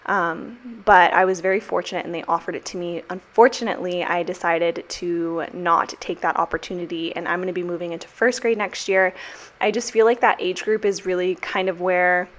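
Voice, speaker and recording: A young woman, a teacher, narrating a casual voiceover from her kitchen with frequent fillers, warm and emotional. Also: lowish voice, fairly even intonation, moderate pace. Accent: American. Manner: chatty, emotional, many fillers and "like". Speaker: teacher and planner vlogger. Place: home kitchen.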